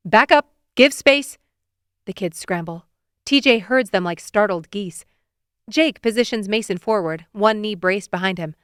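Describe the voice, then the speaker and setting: A woman reads a romance audiobook in the first person, with a mid-range voice. She is lively and expressive, and the recording is dry and close. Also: medium pitch, normal speed, smooth, dry recording. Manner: expressive, voices the characters' lines with feeling. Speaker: audiobook narrator.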